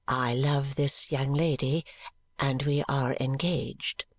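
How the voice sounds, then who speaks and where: A narrator voicing a meek, dutiful young man who pleads softly and hesitantly with his father. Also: medium pitch, measured pace, no room sound, studio quality. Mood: pleading. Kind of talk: audiobook character reading.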